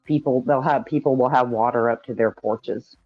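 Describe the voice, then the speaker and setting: A man from Georgia explaining things in a calm, measured way during a casual call-in chat. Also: medium pitch, no echo, highs cut off, soft background music.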